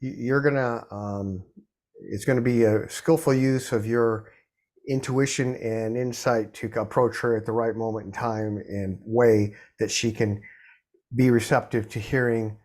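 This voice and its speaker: A man giving spiritual guidance on a video call, measured and gentle, sometimes restarting as he searches for words. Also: mid-range voice, fairly even intonation. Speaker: spiritual intuitive giving a reading.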